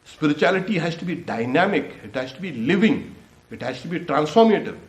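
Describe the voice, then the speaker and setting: A man giving a spiritual talk as a swami, laughing often between points and jumping in pitch when he acts out questions. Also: a little fast. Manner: laughs often, animated with lively pitch jumps. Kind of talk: sermon. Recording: echoey hall.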